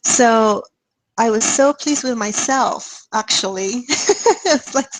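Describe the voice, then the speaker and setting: A woman presenting on a video call webinar, telling a story in a casual, lively way and acting out the dialogue. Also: slow pace, long pauses, no room sound, rough recording. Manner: lively, acts out dialogue with rising pitch and laughs.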